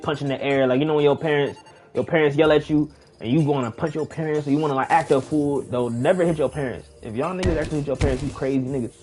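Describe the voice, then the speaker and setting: A young man casually telling a long personal story while playing a game, slangy and animated, acting out the people he quotes. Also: medium pitch. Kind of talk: casual storytime over gameplay.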